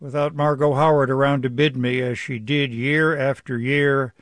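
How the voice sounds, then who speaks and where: A man's voice: mid-range voice, steady tone, moderate pace, no room sound. A man hosting a radio news program, asking questions and reading a wry, affectionate essay. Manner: warm, wry storytelling.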